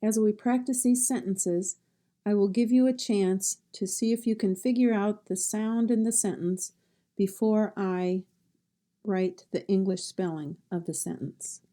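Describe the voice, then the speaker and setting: Slow, warm-toned woman, pronunciation teacher, repeats each word carefully. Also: medium pitch, steady tone. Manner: repeats each word twice, stressing sounds clearly. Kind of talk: slow, deliberate pronunciation lesson.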